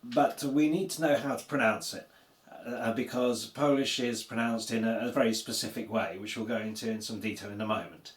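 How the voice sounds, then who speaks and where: Male tutor, mid-pitched, patient explainer, roomy reverb. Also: steady tone, a little fast. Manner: patient explaining, frequent "uh" and "okay". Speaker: language teacher. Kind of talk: recorded language lesson.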